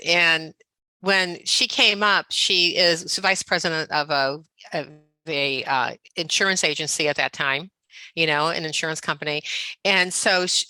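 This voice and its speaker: An older woman telling a story as a podcast guest, chatty and animated, acting out what people said with lots of fillers. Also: low voice, dry recording, rough recording. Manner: chatty, animated, acts out quoted dialogue, many fillers. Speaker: guest author. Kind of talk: storytelling anecdote in a podcast interview.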